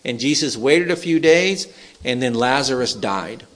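A man preaching a sermon in an animated, humorous way, acting out Bible figures as he tells the stories. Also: medium pitch, measured pace, a crowd in the background. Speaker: pastor.

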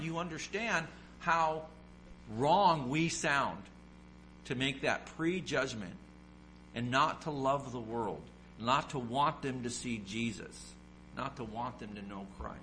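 A man's voice: medium pitch, sharp tone, a little hiss or hum, low-quality recording. A man preaching a sermon, asking the congregation questions and acting out the voices of people in his stories. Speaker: pastor.

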